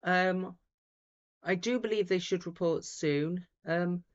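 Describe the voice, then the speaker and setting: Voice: mid-range voice, slow pace. Host, chatty rambling results commentary from home, muffled lo-fi audio. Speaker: host of a live results stream. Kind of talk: casual live commentary. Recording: dull lo-fi sound.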